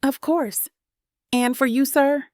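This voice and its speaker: A woman's voice: sits high, steady tone, slow, darkish tone, no echo, clean studio sound, pitched above the performer's own voice. A woman voicing a cheerful young waitress with a Southern accent in an audiobook.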